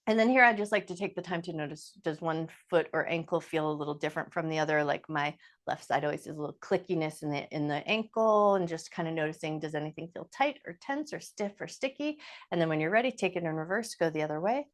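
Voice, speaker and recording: Calm woman cueing chair yoga. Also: deep voice, fast talker. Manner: calm, gentle step-by-step cueing; casual, with fillers like "like" and "just". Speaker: yoga instructor. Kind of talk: guided chair yoga class.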